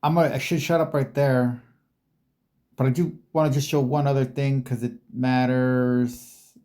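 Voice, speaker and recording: A man's voice: mid-range voice, flat delivery, a little slow, dark tone. A man giving casual commentary as he reads text from a screen, rambling and musing and repeating words aloud. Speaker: video creator.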